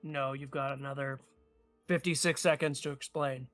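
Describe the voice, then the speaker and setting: A man's voice: mid-range voice, fairly even intonation, normal speed, fairly bright tone, soft background music. A man narrating a tabletop game as game master, hesitant and full of filler sounds.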